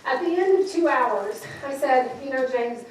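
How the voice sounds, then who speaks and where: In a large event hall, a professional speaker with a high-pitched voice talks at normal speed, playfully motivating a live audience and quizzing them with questions. The audio is noisy and echoey, picked up by a distant mic.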